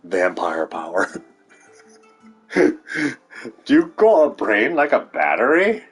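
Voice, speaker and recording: A man's voice: lowish voice, big pitch swings, slow pace, slightly rough, soft background music. A man rambling to viewers in a sardonic monologue, swearing and laughing at his own jokes. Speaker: vlogger.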